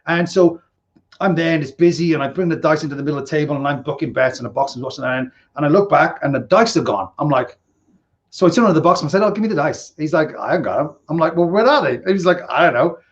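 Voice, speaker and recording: A man's voice: fairly high pitch, fast talker, highs cut off. A man in his fifties, a casino dealer hosting a podcast, rambling through stories with chuckles and acted-out dialogue. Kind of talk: casual storytelling.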